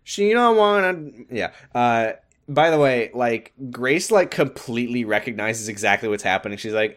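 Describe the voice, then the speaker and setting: A young man co-hosting a casual chat, animated and exasperated, swearing often and acting out characters' lines. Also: mid-range voice, normal speed. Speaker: podcast co-host recapping a TV episode.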